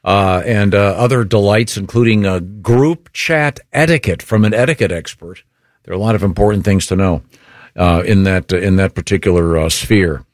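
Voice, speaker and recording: A man hosting a radio talk show, chatting with co-hosts and teasing upcoming segments. He talks with a low voice and pads his lines with fillers. The booth sound is dry. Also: moderate pace, no echo. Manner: hesitant, many fillers. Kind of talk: casual chat and segment links.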